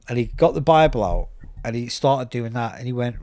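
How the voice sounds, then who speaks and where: A British man, a podcast host, telling a personal story in a casual, animated way, acting out the voices of people he quotes. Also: medium pitch, fairly quick, no room sound, studio quality. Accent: British English. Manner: animated, acts out quoted voices, repeats words.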